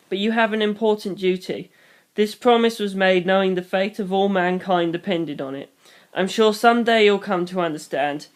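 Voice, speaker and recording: A reader voicing a gentle but firm middle-aged mother, speaking calmly and softly as she reassures. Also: medium pitch, close to an everyday voice. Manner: calm, soft-spoken, reassuring. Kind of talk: storybook reading.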